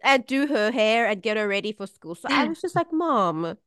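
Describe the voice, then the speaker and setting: Lively woman telling stories. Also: a little high, normal speed, no echo, clean studio sound. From South Africa. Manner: animated storytelling, acts out quoted voices. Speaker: podcast co-host. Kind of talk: casual chat.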